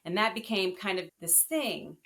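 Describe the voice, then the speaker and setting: A woman guest on a podcast, telling her story in a casual, animated and earnest way. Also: mid-range voice, normal speed.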